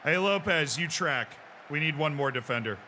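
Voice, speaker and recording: A man streaming a football management game, calling the match play-by-play and shouting in excitement. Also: fairly high pitch, normal speed, a little hiss or hum. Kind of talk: live gameplay commentary.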